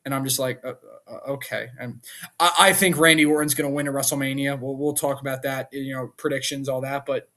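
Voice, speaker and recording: A man reviewing a wrestling show in a casual vlog, ranting in an animated, exasperated way and firing off rhetorical questions. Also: mid-range voice, fairly quick.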